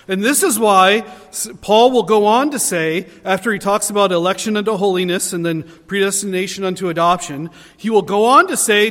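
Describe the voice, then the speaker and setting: A man's voice: high-pitched, moderate pace, hardly any pauses, fairly bright tone. A man preaching a sermon as pastor, earnest, building emphasis on key phrases. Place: church sanctuary. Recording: long reverb of a hall.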